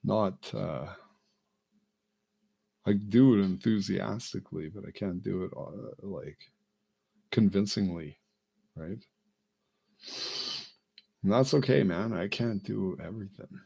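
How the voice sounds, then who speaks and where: A man talking through a rambling comic monologue. He is self-amused and halting, with lots of fillers and restarts. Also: low-pitched, gravelly, warm tone, breathy edge. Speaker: vlogger.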